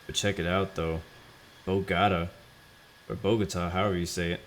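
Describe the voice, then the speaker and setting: A young man giving relaxed, chatty commentary while streaming a flight sim game, laughing easily. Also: low-pitched, fast, a little hiss or hum. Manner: laid-back, chatty, laughs often. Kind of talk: casual gameplay commentary.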